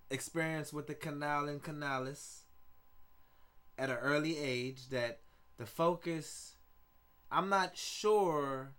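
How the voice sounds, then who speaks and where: A man, hosting a casual solo podcast in a loose, rambling, excitable way, swearing often. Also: a little high. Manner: rambling, loose and excitable, with frequent profanity and laughs. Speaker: podcast host.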